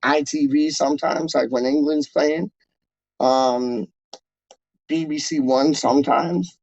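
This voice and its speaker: A man's voice: fairly high pitch, fairly even intonation, slow pace, gravelly, darkish tone, dry recording. A man hosting a casual live stream, rambling in slangy talk full of filler words as he reads out chat messages. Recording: dull lo-fi dry recording.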